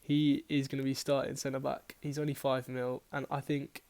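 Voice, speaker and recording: A man's voice: mid-range voice, flat delivery, moderate pace, a little mellow. A man casually talking through his fantasy football team picks, rambling and correcting himself as he goes. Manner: chatty, rambling, self-correcting, swears casually. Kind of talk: casual team-selection talk.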